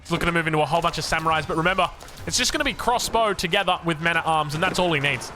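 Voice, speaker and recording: An Australian man giving animated, jokey esports match commentary with self-mocking asides. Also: on the high side, rapid-fire, music in the background. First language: English. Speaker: game caster.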